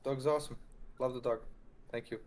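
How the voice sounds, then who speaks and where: A man's voice: mid-range voice, steady tone, brisk, a little mellow. A man on a casual book podcast, speaking in short, plain remarks. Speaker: podcast panelist.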